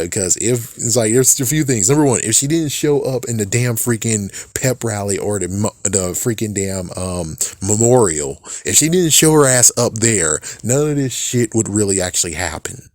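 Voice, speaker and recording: Man, lowish voice, dry close sound, rambling profane movie recap, casual. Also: animated, moderate pace, a little mellow, no echo. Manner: rambling, profane, laughs often. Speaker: movie reviewer.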